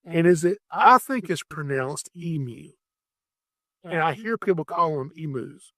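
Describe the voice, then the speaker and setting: Animated storytelling man, slightly high voice. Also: a little slow, no echo, clean studio sound. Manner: animated, rambling anecdotes with restarts. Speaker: podcast host, wildlife catcher. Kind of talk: casual storytelling.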